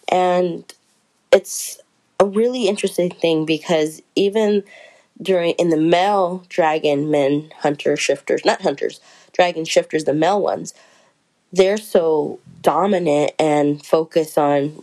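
A woman's voice: sits low, measured pace, a little mellow, poor audio. A woman chatting casually through a book review, rambling and correcting herself as she goes.

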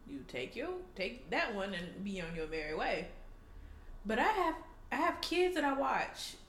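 A woman co-hosting a casual chat, telling a profane, animated story and acting out the people in it. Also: a little high, measured pace, echoey room, a little hiss or hum. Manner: animated, profane, acts out people in her stories.

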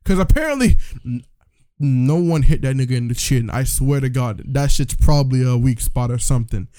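A man's voice: mid-range voice, lively intonation, normal speed, dark tone, no room sound, clean studio sound. A man co-hosting a podcast, ranting in casual chat, profane and incredulous. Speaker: podcast co-host.

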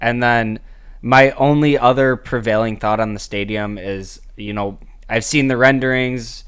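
A man co-hosting a casual sports podcast, talking in a measured, easygoing way. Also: mid-range voice, steady tone, a bit bright, clear, resonant tone. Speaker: podcast co-host.

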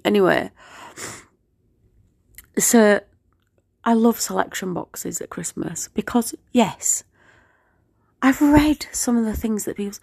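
A woman's voice: mid-range voice, animated, slow, gravelly, pauses often, darkish tone. A woman rambling through a casual podcast monologue while unwell, often sinking into a whisper. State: unwell with a virus.

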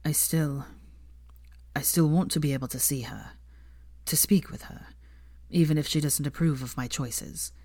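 A woman's voice: deep voice, breathy edge, dry recording. A woman voicing a brooding anxious young man. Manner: hushed, halting, heavy sighs.

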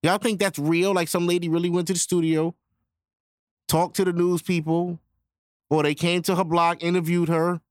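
A man's voice: high-pitched, little pitch movement, normal speed, no room sound, clean studio sound. A man hosting his own podcast, ranting casually and profanely straight to his listeners. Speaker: podcast host. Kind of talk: casual solo podcast rant.

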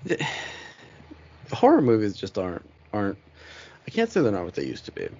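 A man's voice: on the low side, huge pitch swings, a little fast, a little mellow, slightly rough, muffled recording. A man co-hosting a podcast, talking in laid-back casual chat. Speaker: podcast co-host.

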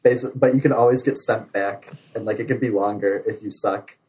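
A man's voice: fairly low pitch, steady tone, a little fast, dark tone, low-quality recording. A young man, a navy sailor, telling stories in casual chat with many filler likes and frequent laughs.

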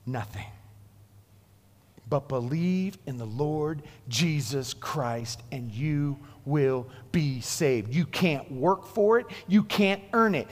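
A man preaching a sermon, animated, swinging between hushed and loud, acting out quotes. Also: on the high side, in a large hall.

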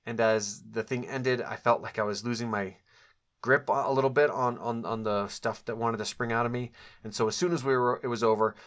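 A man's voice: medium pitch, steady tone, brisk, a bit bright. A middle-aged man telling a personal story from his past, reflective and candid, with frequent fillers and self-corrections. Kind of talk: personal storytelling, memoir recollection.

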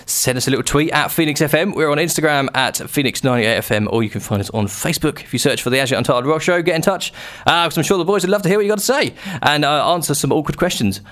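A man's voice: on the high side, expressive, fast, few pauses, a bit bright. A man hosting a radio show, chatting casually with a band in the studio and laughing easily.

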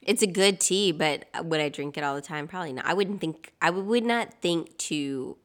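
Low-voiced woman in easy chat. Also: normal speed, fairly bright tone. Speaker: podcast co-host. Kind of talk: casual chat.

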